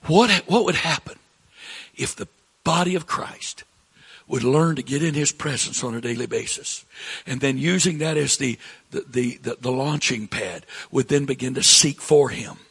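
A man in his sixties with a Southern American accent, preaching a sermon to his congregation, climbing to emphatic peaks and dropping to quiet asides. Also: mid-range voice, normal speed, slightly rough, big-room sound. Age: 60s. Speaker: pastor.

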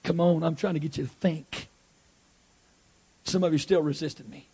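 A man with a high voice preaches a sermon in a drawl. He hammers on his points again and again and acts out small scenes as he goes. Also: steady tone, moderate pace, dark tone, husky.

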